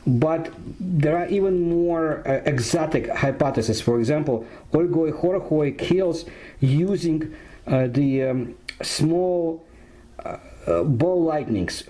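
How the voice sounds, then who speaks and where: A man narrates in English, slow and halting, pausing with fillers as he searches for words. His voice is dark and mellow, sitting a little high for a man. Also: low-quality recording. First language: Russian. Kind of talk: narration in a played video.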